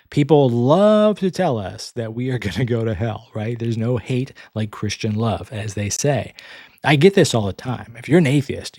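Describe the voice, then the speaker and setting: A man's voice: medium pitch, mellow, no room sound, clean studio sound. A man from the American South hosting a podcast, answering listener questions in a casual, rambling way with frequent chuckles. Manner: rambling, chuckles often, self-deprecating asides.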